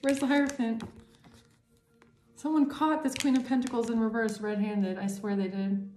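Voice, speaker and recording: A woman giving a tarot reading to her viewers, excitable and repeating herself, her voice jumping up high when thrilled. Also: moderate pace, roomy sound, soft background music. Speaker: tarot reader.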